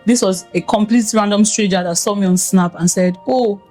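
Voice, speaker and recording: Expressive, sentimental woman podcast host. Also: mid-range voice, a little fast, faint music behind. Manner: expressive and sentimental, talks a lot; animated, acts out others' voices in quotes. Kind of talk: casual podcast chat.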